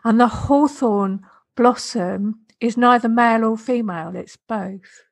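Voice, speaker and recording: A woman hosting a podcast, with a fairly high voice. She is chatty and enthusiastic and laughs often. The talk is a casual spiritual conversation. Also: unhurried. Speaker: podcast host.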